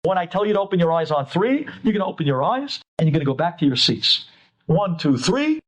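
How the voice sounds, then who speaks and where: A man voicing a calm male stage hypnotist who gives commands in a steady, instructing way. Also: sits high, fairly quick, exaggerated voice, poor audio. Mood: commanding.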